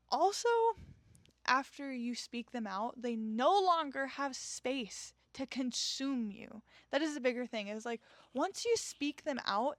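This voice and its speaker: A woman's voice: high-pitched, fairly bright tone, dry recording, studio quality. A young woman hosting a solo podcast, talking in an earnest, reassuring, chatty way and often checking in with "okay?". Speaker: podcast host.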